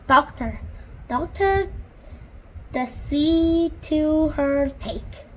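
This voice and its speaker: A woman's voice: high-pitched, extremely slow, slight background noise. A woman reading aloud, voicing a cheerful little storybook man who speaks back to front. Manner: cheerful, muddled word order.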